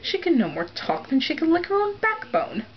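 A woman voicing a sour, cackling old aunt with a high, shrill, scornful voice. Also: wildly swooping pitch, moderate pace, lo-fi sound, full character voice.

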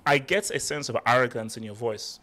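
A man's voice: mid-range voice, fairly quick, pushed and bright. Passionate man interrupting in a debate. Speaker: Chelsea fan pundit. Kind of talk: casual debate chat.

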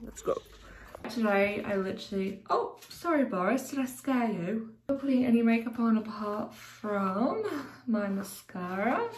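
A young Australian woman chatting casually to camera while running errands, self-mocking and swearing now and then. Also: mid-range voice. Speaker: vlogger. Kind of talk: casual vlog chat. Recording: clear car and road noise.

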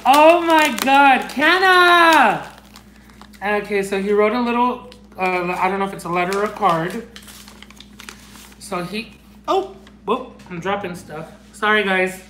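A gushing, excitable man with a high, bright voice chats his way through an unboxing, squealing now and then and slipping into Spanish phrases. He talks slowly and unhurriedly, and the room around him rings with a noticeable echo. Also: a little hiss or hum. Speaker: unboxing vlogger. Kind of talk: casual chat. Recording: echoey room.

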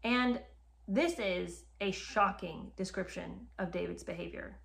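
A history commentator casually retells a story to the camera, addressing her viewers directly with indignant emphasis. Her voice is fairly low and gravelly yet fairly bright, and she speaks without hurry.

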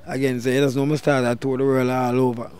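A man's voice: mid-range voice, quick pace, clean tone. A middle-aged Jamaican man, a dancehall deejay, telling a story in an interview and raising his voice to act out what people said. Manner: animated, loud bursts when acting out quotes.

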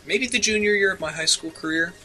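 A man's voice: high voice, quick pace, sharp tone, low-quality recording. A young man co-hosting a podcast, telling a rambling personal story with many fillers and restarts. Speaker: co-host. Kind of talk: casual chat.

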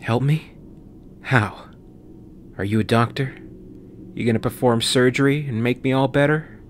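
A man's voice: mid-range voice, unhurried, slight background noise, pitched above the performer's own voice, close to an everyday voice. A man reading an audiobook voices a cynical, short-tempered male pilot who turns sarcastic and raises his voice. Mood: desperate bitter.

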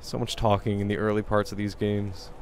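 Streaming a game, a young man keeps up casual, self-mocking let's-play chatter in a lowish, level, darkish voice at a fairly quick pace. Slight background noise is audible.

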